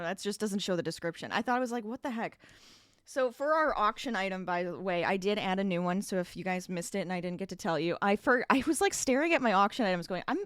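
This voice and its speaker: A woman in the middle of a casual crochet livestream, talking to her viewers as she works. She chats in loose, easy bursts, laughs a lot and trails off into restarts, and sounds a little short of breath. Her voice sits at an ordinary pitch, picked up close and dry by a desk mic. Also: dry recording. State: a bit out of breath.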